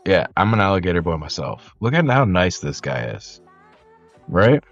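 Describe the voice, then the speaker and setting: A man in his thirties co-hosting a podcast, chatting casually in an excitable way, swearing freely. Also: sits low, moderate pace, vocal fry, lo-fi sound, faint music behind. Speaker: podcast co-host. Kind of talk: casual chat.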